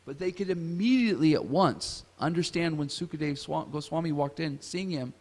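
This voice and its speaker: A man's voice: on the high side, moderate pace, a little mellow. A man teaching a scripture class at a temple, retelling a story and asking the audience questions. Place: temple hall. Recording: reverberant temple hall.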